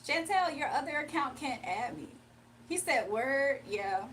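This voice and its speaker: High-voiced young woman streamer, chatty. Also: animated, measured pace, fairly bright tone, distant mic, a little hiss or hum. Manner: chatty, laughs often, slangy. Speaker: livestream host giving spiritual readings. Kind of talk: casual livestream chat, reading viewer comments aloud.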